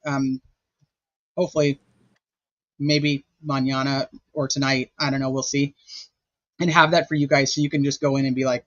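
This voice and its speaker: A man's voice: medium pitch, level tone, normal speed, pauses often, fairly bright tone, no room sound, highs cut off. A man hosting a casual livestream chat, rambling and chatty with lots of filler words. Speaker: host.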